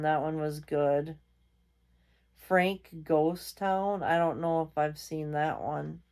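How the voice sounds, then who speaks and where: A woman's voice: low voice, a little mellow, smooth. A tired woman chatting casually as a vlog host, rambling with many fillers. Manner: reads out magazine lines. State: tired, yawning. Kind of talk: casual chat.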